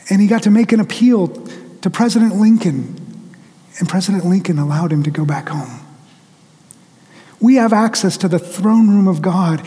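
High-voiced preacher in a reverberant hall. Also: male voice, warm tone. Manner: storytelling preacher who acts out quotes. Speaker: pastor. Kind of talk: sermon.

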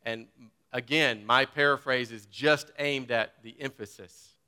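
A man preaching a sermon as pastor, first reading scripture, then talking casually with filler words and building to emphatic, forceful points. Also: medium pitch, unhurried, clean tone, big-room sound. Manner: reads scripture, then talks informally and grows emphatic.

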